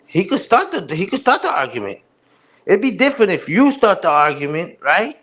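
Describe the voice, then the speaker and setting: A man's voice: high voice, big pitch swings, normal speed, a bit bright. A man hosting a live stream, ranting heatedly with profane street slang. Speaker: livestream host. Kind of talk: casual livestream rant.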